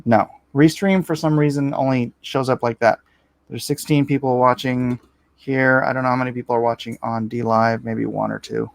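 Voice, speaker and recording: Excitable man pitching on a livestream. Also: no room sound. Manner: excitable, rapid-fire, enthusiastic; rambling with frequent self-corrections. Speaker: comic artist hosting his own livestream. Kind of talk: casual livestream sales pitch.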